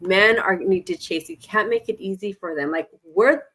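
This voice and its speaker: A woman's voice: mid-range voice, normal speed. A woman in her forties hosting a podcast, telling stories in casual chat and stressing her points by repeating them. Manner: animated storyteller, acts out quoted dialogue. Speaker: podcast host.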